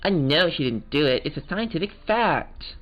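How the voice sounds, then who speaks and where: A man's voice: a little high, animated, moderate pace, voice pushed up, lightly acted. A man voicing an eager sixteen-year-old girl scientist in a Valley Girl voice. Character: eager teen girl, aspiring scientific investigator. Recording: muffled, game music behind.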